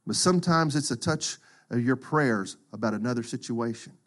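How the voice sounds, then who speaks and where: A middle-aged man preaching a sermon, acting out quotes and swinging from loud to hushed. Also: medium pitch, animated, moderate pace. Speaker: pastor.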